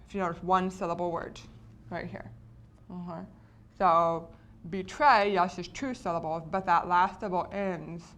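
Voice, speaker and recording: A woman explaining spelling patterns to teachers in a patient lesson, often checking in with the listeners. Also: on the low side. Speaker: teacher educator.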